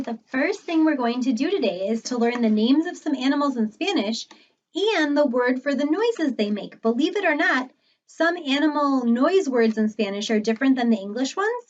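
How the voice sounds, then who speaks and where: Bright, high female children's librarian, slow and encouraging, slightly dull lo-fi recording. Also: expressive. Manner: cheerful, slow and encouraging, like talking to small kids. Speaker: children's librarian teaching Spanish words.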